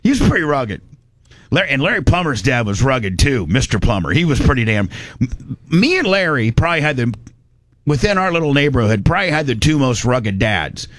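A man's voice: mid-range voice, sing-song, fairly quick, fairly bright tone, dry recording. A man from Indiana telling a rambling, folksy story in casual chat, slipping into voices for the people he quotes.

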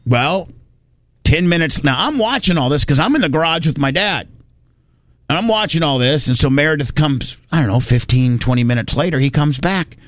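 A man's voice: on the high side, normal speed, dry recording, studio quality. A man from Indiana, telling a rambling, folksy story in casual chat. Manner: rambling, folksy, animated when quoting people.

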